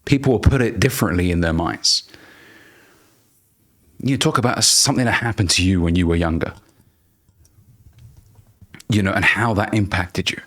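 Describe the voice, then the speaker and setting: A man coaching viewers on public speaking, talking directly and bluntly, slowing down to stress key words. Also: low voice, a bit bright. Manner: deliberate, emphatic, slows down to stress key words; blunt, casual, occasional swearing. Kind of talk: direct-to-camera coaching lesson.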